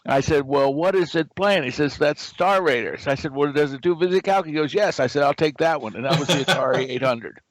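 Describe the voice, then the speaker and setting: Older man, lively storyteller, dry close sound. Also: on the high side, fairly quick, hardly any pauses, dry recording, rough recording. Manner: animated storyteller who acts out quoted dialogue. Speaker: guest, game company founder. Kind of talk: anecdotal storytelling.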